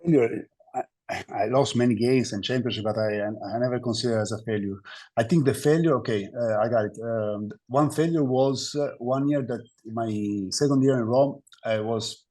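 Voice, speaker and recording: A man from Italy with an Italian accent, a basketball player giving reflective interview answers in English, pausing often to search for words. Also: medium pitch, darkish tone. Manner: halting, searching for words with many fillers.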